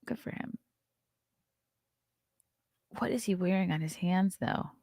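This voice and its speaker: A woman hosting a morning show, reading celebrity news aloud and breaking off for quick, wry asides. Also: lowish voice, gravelly, darkish tone, dry recording, clean studio sound.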